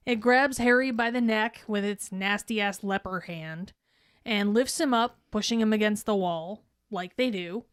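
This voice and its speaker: A woman's voice: mid-range voice, unhurried, fairly bright tone, clear, resonant tone, no echo, studio quality. A woman co-hosting a podcast in casual, profane, laughing chat. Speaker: podcast co-host.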